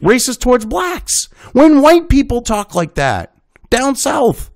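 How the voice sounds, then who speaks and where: High, lively swearing male ranter. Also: slow, gravelly, no room sound, clean studio sound. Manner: indignant, swearing, sarcastic. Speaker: commentary show host. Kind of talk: profane ranting commentary.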